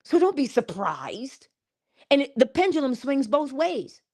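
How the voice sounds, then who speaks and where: A woman's voice: high-pitched, very animated, measured pace, dark tone. A woman giving a morning inspirational talk, with preacherly calls and frequent laughter. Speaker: motivational speaker.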